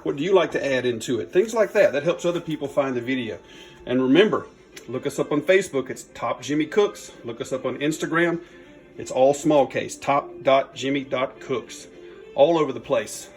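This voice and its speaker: Guy cooking in his kitchen, friendly and chatty, mid pitch, little bit of music under it. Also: lively intonation, normal speed. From Louisiana. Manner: chatty, folksy, upbeat. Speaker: cooking channel host. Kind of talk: casual cooking demo. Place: home kitchen.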